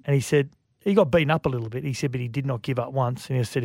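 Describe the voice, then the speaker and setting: An Australian man co-hosting a sports radio show, telling stories in a lively way and acting out quotes. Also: medium pitch, racing, no echo, clean studio sound. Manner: lively storyteller, acts out quotes. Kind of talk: casual sports radio chat. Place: radio studio. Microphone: studio microphone.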